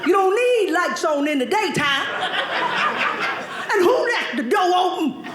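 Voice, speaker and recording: A woman's voice: extremely high pitch, big pitch swings, unhurried, echoey room, heavy background noise, heavily acted. A woman voicing her penny-pinching father, a middle-aged man who scolds in folksy slang. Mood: scolding. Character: thrifty grumbling dad, middle-aged man.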